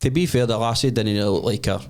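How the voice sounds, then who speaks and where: A man's voice: medium pitch, brisk. A man with a Scottish accent on a studio podcast, dropping short, clipped remarks into the chat. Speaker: podcast co-host. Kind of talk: casual chat.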